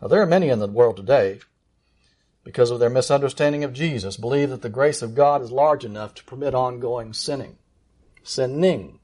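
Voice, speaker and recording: A man's voice: mid-range voice, darkish tone. Emphatic male preacher. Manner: earnest, emphatic preaching, slows for key words. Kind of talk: sermon.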